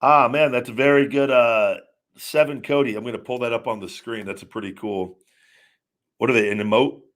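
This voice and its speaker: A man's voice: mid-range voice, steady tone, fairly quick, a bit bright. A man in his forties hosting a live show, chatting casually and rambling through a story with many restarts and self-corrections. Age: 40s. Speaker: show host. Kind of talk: casual live-stream chat.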